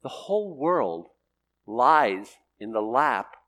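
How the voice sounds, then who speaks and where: An older man, a pastor, preaching a sermon with animated emphasis that swings between loud declarations and hushed, quiet passages. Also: medium pitch, slow.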